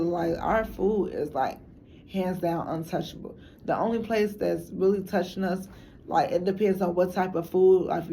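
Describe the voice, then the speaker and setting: A woman with a Chicago accent rambles frankly about her city in loose street slang. Her voice sits low and carries a gravelly edge, with a mellow, dark tone, and a faint hiss runs underneath. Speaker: documentary interviewee. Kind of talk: casual talk to camera.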